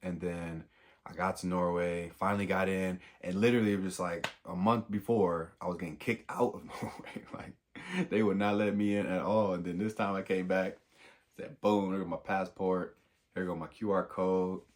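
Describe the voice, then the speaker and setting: An American man, a young adult, telling a casual story in an animated, slangy way and acting out the dialogue. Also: low-pitched, normal speed. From United States. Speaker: vlogger.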